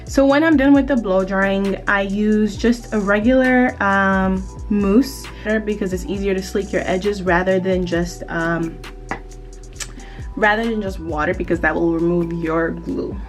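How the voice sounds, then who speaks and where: A woman giving a relaxed, chatty hair tutorial as a vlogger, with frequent filler sounds. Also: medium pitch, a little slow, faint music behind. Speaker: beauty vlogger. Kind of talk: casual tutorial narration.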